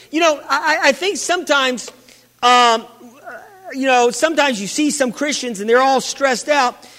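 A pastor's sermon echoes with long reverb through a big church hall, his very high voice pushed and bright, his pace a little slow. He repeats phrases and calls on the congregation for amens.

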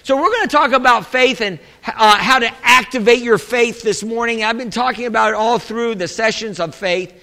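A man with a high, ringing, bright voice preaches a sermon from the pulpit. His delivery is chatty and full of restarts, and he keeps calling to the congregation for an amen. The sound carries a long hall reverb, as in a large church sanctuary. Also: normal speed, few pauses. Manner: call-and-response preaching, asking for amens; conversational, with repeated restarts. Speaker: pastor.

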